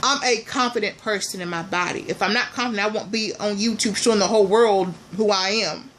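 A woman vlogger chatting casually and playfully to her viewers, calling them y'all, with loud bursts between quieter asides. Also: mid-range voice, a little fast, slight background noise. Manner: animated, swings between soft asides and loud exclamations.

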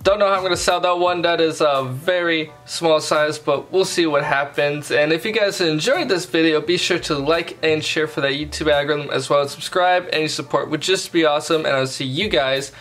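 A man talks to his viewers in a loose, casual vlog recap, his voice sitting a little high. He speaks in quick bursts and often restarts his sentences. Faint music plays underneath. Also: fairly bright tone. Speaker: sneaker bot vlogger.

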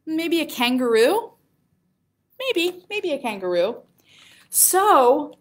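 At storytime, a children's librarian reads picture books aloud in a mid-range voice. She uses a sing-song delivery and poses questions to her young audience.

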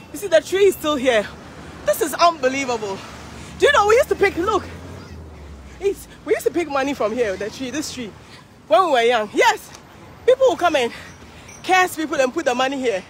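A woman's voice: sits high, slight background noise. A Ghanaian woman vlogging live while walking along a street parade, tired from the walk, chatty and exclaiming. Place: outdoor city street at a parade.

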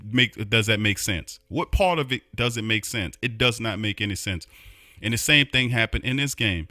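A man's voice: mid-range voice, sharp tone, dry recording, studio quality. A man hosting a sports podcast, ranting heatedly with a New Orleans accent and repeating himself in frustration. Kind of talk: opinionated sports recap.

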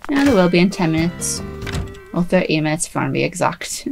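A woman's voice: on the low side, big pitch swings, fast talker, vocal fry, rough recording. Woman, casual game commentary, chatty, self-mocking, sleepy, faint background music. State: sleepy, trying not to yawn. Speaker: gaming YouTuber.

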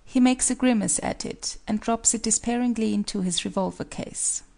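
A woman narrating the stage directions of an audiobook play in an even, measured reading. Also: on the high side, gravelly.

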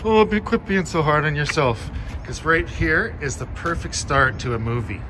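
A man rambling through a jokey, absurd street vlog outdoors, swearing and breaking into sudden squeaky outbursts. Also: big pitch swings, normal speed. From Canada. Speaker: vlogger. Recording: outdoor street noise and traffic.

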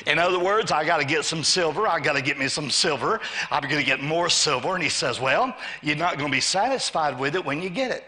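A pastor in a church sanctuary preaches a call-and-response sermon, asking the congregation to say amen. He acts out the voices of a greedy man and of God. His voice is on the high side, bright and forceful, with lively intonation, a slightly fast pace and few pauses.

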